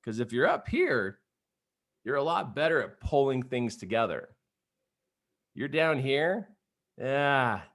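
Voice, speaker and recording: A middle-aged man giving an energetic, conversational coaching talk, tossing in "you know" and "right?" as he speaks to an online group. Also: medium pitch. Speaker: motivational trainer.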